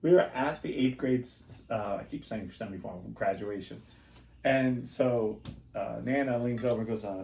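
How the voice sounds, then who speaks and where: A man chats on a podcast in an easygoing, animated way. He tells stories and playfully imitates the people in them. His middle-pitched voice carries a roomy echo. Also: fairly quick, creaky, distant mic, a little hiss or hum. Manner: animated storyteller who acts out quoted voices. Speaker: podcast host. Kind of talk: casual podcast chat.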